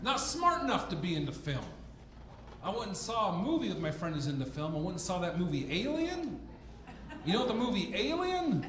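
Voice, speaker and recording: Stand-up guy with a high voice, mock-outraged, club echo and a crowd laughing loud behind him. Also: noisy background. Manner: animated, mock-indignant, acts out exchanges in quick quoted voices. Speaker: stand-up comedian. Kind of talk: stand-up comedy set. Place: comedy club stage with a laughing audience. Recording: roomy club sound with loud audience laughter. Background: audience laughter.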